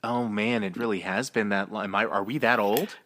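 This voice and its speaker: A man's voice: fairly low pitch, steady tone, brisk, sharp tone. A man in his thirties co-hosting a podcast, chatting casually and cracking playful jokes. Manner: joking, playful asides. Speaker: podcast co-host. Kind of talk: casual chat.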